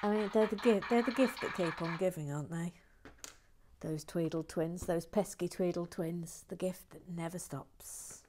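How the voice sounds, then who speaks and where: A woman hosting a casual livestream, reading viewer comments in a playful, chatty way and dropping into quiet muttered asides. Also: on the low side, moderate pace, noisy background. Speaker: livestream host building a toy set.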